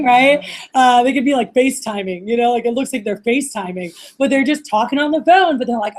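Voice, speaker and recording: A woman with a fairly high voice leads a training session for a room of trainees. She talks in an animated, hands-on way, acting out little phone calls and often checking that everyone is following. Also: quick pace. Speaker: workshop trainer. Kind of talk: live training talk.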